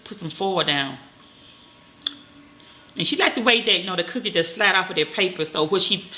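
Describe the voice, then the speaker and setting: A mother in her thirties telling a story to her viewers, talking fast and bluntly and swearing freely. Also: fairly low pitch, sharp tone. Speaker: vlogger, mother. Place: at home. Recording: echoey room, faint noise.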